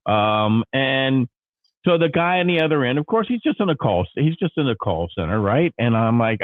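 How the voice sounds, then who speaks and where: A man hosting a casual morning show, telling a story with animated energy and acting out his own frustration. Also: medium pitch, moderate pace, no room sound, narrow, tinny audio. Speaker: show host.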